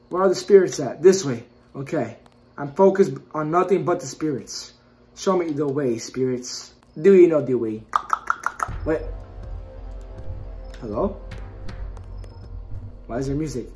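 A man recording let's-play commentary on a horror game, jumpy and excitable, yelping at scares and then muttering and trash-talking the game with constant mild cursing. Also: on the high side, slow pace, long pauses, faint music behind. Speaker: gaming YouTuber.

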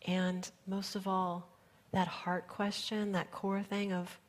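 A woman pastor giving an earnest sermon, often dropping her voice to a soft near-whisper for emphasis. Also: mid-range voice, level tone, slow.

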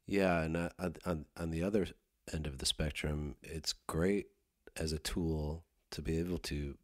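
A man with a very deep voice, recorded dry and close, running a relaxed podcast conversation. He keeps his questions short and easygoing. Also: unhurried, no echo. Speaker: podcast host, musician. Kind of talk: casual interview chat.

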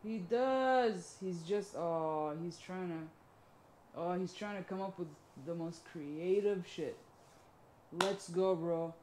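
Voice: medium pitch, slow pace, echoey room, background noise. A movie reaction host giving a blunt, profane running commentary while watching a film.

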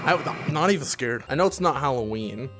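A young man giving gaming commentary, loud and profane, with sudden yelps and laughs. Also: medium pitch, animated, brisk. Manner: loud, swearing, erratic bursts and laughs. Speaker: gaming YouTuber. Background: game music.

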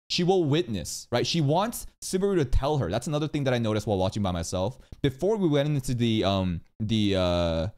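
A male streamer offers casual reaction commentary, cursing frequently and swinging from calm explanation into loud, high-pitched rants.

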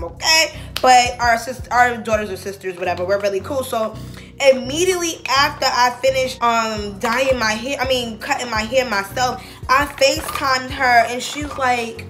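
A sassy, talkative woman chatting to her viewers as she gets ready for a night out. Her voice sits a little high, and she keeps calling them baby and y'all. Soft music plays faintly underneath. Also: normal speed. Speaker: beauty vlogger. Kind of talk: casual get-ready-with-me chat.

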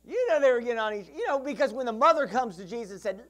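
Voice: mid-range voice, expressive, racing, hardly any pauses, fairly bright tone. A pastor preaching a sermon, telling stories and acting out characters, calling out to the congregation for responses and often restarting mid-phrase. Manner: storytelling, acting out Bible characters; frequent restarts and asides.

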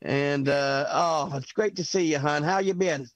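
Husky-voiced, effusive male show host. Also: on the high side, measured pace, no room sound. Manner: effusive, emotional, laughing often. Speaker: host of a comedy benefit show. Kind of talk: hosting an online benefit show. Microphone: video call.

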